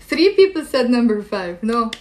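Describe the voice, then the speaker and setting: A woman's voice: fairly high pitch, very animated, normal speed, a little hiss or hum. A woman teaching an Arabic pronunciation lesson on a live stream, chatting and quizzing viewers as she reads their comments.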